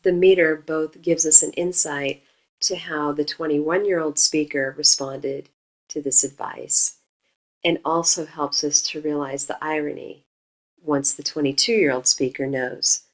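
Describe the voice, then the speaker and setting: A woman teacher slowly explaining the meter of a poem in a recorded lecture, stressing the beats as she scans. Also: deep voice, fairly even intonation, rough recording. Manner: slow, deliberate explaining, stresses beats when scanning verse.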